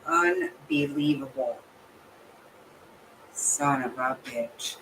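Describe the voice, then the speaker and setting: A woman's voice: rumbling low, steady tone, very slow, a bit bright, a little hiss or hum, rough recording. A woman reacting in casual chat, blunt and outraged, swearing freely. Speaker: channel host reacting to a livestream guest.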